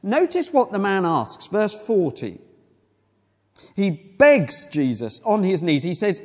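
A man's voice: high voice, huge pitch swings, slow pace, big-room sound. A man preaching a sermon, explaining a Bible passage in a conversational way with rhetorical questions to the congregation.

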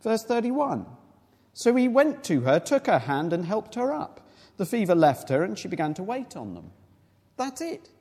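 A man's voice: sits high, very animated, moderate pace, darkish tone, in a large hall. A man preaching a sermon, explaining a Bible passage in a conversational way with rhetorical questions to the congregation.

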